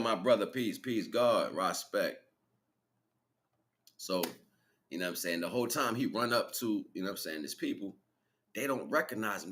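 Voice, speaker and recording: A man with a deep, low voice hosts his own livestream. He talks in a loose, rambling way, full of slang, and chuckles as he goes. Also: pushed and bright. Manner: rambling, slangy, laughs while retelling. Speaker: livestream host. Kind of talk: casual spiritual monologue.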